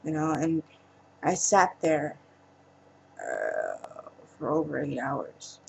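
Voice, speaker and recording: A woman speaking in a personal vlog monologue, halting and emotional, trailing off with pauses. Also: low-pitched, wildly swooping pitch, gravelly, a little hiss or hum, poor audio. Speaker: vlogger.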